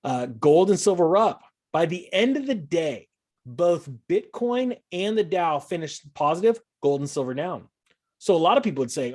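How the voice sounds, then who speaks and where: A man's voice: fairly high pitch, lively intonation, normal speed, a little mellow. A man talking casually and animatedly, acting out sarcastic imagined exchanges. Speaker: guest. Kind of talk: casual chat.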